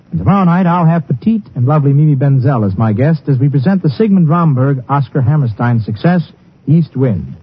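A man reading a polished, warmly delivered 1950s radio network promotion. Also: on the high side, breathy edge. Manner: warm, polished announcing. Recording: dull old radio broadcast.

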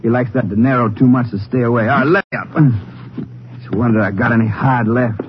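An actor playing a young, worn-out ex-cowpoke boxer with a drawling Western manner, in a 1950s radio drama. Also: male voice, mid-range voice, fairly even intonation, fast talker, close to an everyday voice. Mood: weary. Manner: weary drawling Western talk. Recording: dull old radio broadcast, hissy.

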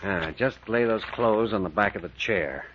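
An actor playing a calm, commanding hero leader who gives dry orders, in old radio drama style. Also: male voice, on the low side, moderate pace, natural voice. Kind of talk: 1940s radio acting. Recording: dull lo-fi old radio recording with faint hiss.

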